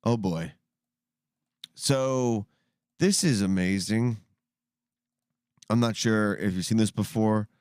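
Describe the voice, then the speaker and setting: A man's voice: fairly low pitch, slow, pauses often, darkish tone, clear, resonant tone, no room sound, clean studio sound. A man hosting a casual chat show, rambling and often putting on mocking voices. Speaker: podcast host.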